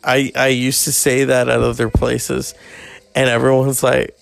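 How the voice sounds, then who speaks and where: A man's voice: completely flat delivery, a little slow, vocal fry, soft background music. A man in his forties rambling and ranting in a profane monologue, often swearing and mocking people. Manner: ranting, swearing, mocking others in high put-on voices.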